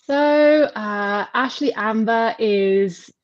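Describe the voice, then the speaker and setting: A bubbly woman guest with a fairly high voice speaks slowly and admiringly. Her audio is dull and dry, picked up from a distance. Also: no room sound.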